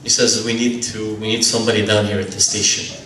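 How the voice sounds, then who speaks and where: A man giving a religious lecture, telling a family story with dramatic pauses, slowing and dropping his voice at grave moments. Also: on the low side, little pitch movement, a bit bright, slight background noise. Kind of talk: sermon storytelling. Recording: echoey hall recorded from far off.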